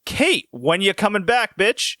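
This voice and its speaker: A man puts on a whiny, demanding fiance who whines on the phone about being let down. The voice is raised well above a normal speaking pitch and stays bright. It is recorded dry and close. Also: sing-song, a little slow, dry recording, heavily acted. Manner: petulant, demanding.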